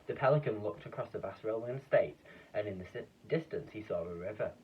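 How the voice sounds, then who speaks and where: A man reading a children's book aloud in a lively, expressive way, with a few slips and restarts. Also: on the low side, fairly quick, breathy edge. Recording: dull, distant lo-fi recording.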